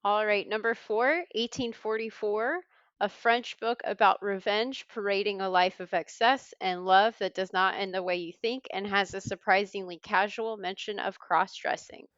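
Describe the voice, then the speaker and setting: A woman's voice: mid-range voice, fairly even intonation, moderate pace, a bit bright, clean tone, dry recording, lo-fi sound. A woman hosting a trivia podcast, reading clues with a wry tone. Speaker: quiz host.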